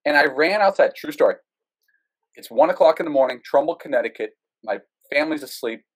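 A man with a husky, slightly rough voice is a guest on a talk show. He tells his story in a loose, animated way, full of "like" and "uh", and pokes fun at himself as he goes. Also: a little high, brisk, rough recording. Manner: animated, self-mocking, many fillers. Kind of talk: casual storytelling interview.

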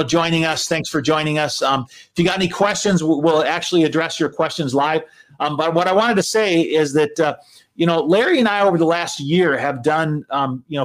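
A man with a fairly high voice hosts a live business broadcast in a loose, conversational way. He talks straight to his viewers and often stops and repeats himself with fillers. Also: poor audio. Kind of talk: casual conversational talk to viewers.

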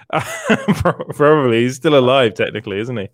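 A man's voice: mid-range voice, huge pitch swings, moderate pace, dry recording, studio quality. A man co-hosting a casual live stream, laughing often as he reads out comments from the chat. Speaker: podcast co-host reading chat.

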